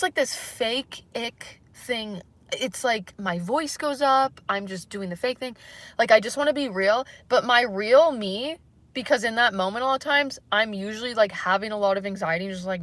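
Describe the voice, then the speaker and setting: Anxious young woman rambling on a livestream. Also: mid-range voice. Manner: rambling, self-searching, halting, many fillers. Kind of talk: candid solo livestream chat.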